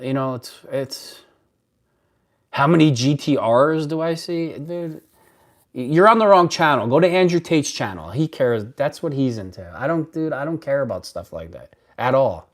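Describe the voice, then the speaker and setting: A man's voice: mid-range voice, animated, moderate pace. A man hosting a casual live stream, answering viewer comments in a blunt, rambling way, often restarting his sentences. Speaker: livestream host.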